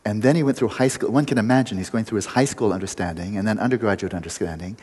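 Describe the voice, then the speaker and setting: Husky low-voiced man teaching in a hall. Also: quick pace, darkish tone. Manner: playful, teasing, laughs often. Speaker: meditation teacher. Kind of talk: retreat lecture with storytelling.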